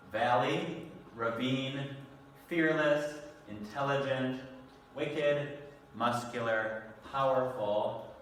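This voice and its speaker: A man leads a recorded English vocabulary lesson, enunciating each word slowly and patiently. His voice is bright and clear-toned. It echoes heavily around a bare room, picked up from a little way off the mic. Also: medium pitch, far from the mic, slight background noise. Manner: slow, patient, clearly enunciated teacher talk. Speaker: ESL teacher.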